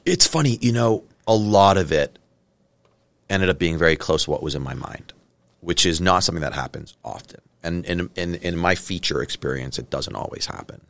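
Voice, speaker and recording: A man from Canada, a film director, chatting in an interview and acting out scenes in quick little voices. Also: sits low, lively intonation, creaky, a bit bright. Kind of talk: casual interview storytelling.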